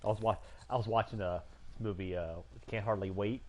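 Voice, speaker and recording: A man chatting casually while he plays a game, rambling through stories and jumping into animated voices for the people he quotes. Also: fairly low pitch, fairly quick. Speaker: gaming streamer. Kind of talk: casual chat while gaming.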